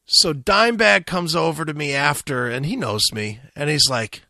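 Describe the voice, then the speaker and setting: A man's voice: high-pitched, animated, normal speed, pushed and bright, dry recording, clean studio sound. A man hosting a radio talk show, telling a long profane story and acting out the quotes. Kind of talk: casual storytelling.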